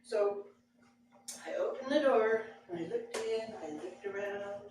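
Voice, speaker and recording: In a medium-pitched, unhurried voice, a woman performs a story before a live audience, acting out the scene with different voices. Background noise is present, and the distant mic captures a very echoey room full of ambience and audience laughter.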